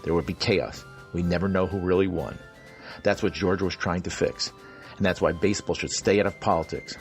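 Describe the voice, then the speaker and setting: A man's voice: deep voice, brisk. A man reading a scripted political radio ad in a folksy, persuasive way, with a music bed behind him.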